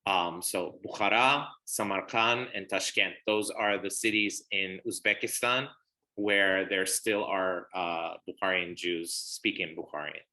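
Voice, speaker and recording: A man's voice: low-pitched, fairly even intonation, measured pace, bright, forceful tone, rough recording. A young man giving a casual online presentation, explaining words and customs patiently with frequent fillers and restarts.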